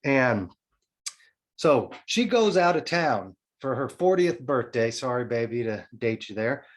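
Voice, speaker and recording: A man's voice: mid-range voice, unhurried. A man in his forties, a podcast guest telling a personal story in casual chat, frank and often swearing. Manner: frank, swears freely, tells a story in a lively way.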